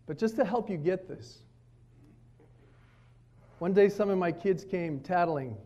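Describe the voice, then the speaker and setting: Animated preaching man, fairly high voice. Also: unhurried, highs cut off. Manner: storytelling preacher, animated, quotes his kids. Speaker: pastor. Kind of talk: sermon at a retreat. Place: retreat meeting room.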